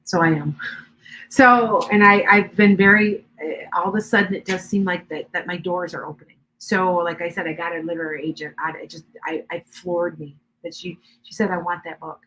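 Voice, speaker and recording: A woman's voice: fairly low pitch, fairly even intonation, moderate pace, a bit bright, a little hiss or hum, poor audio. An older woman talks loosely and at length, greeting viewers by name between stories. Her speech wanders, doubles back and restarts mid-sentence. She sounds like a psychic reader hosting a casual live stream. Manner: rambling, chatty, with many restarts and asides to viewers.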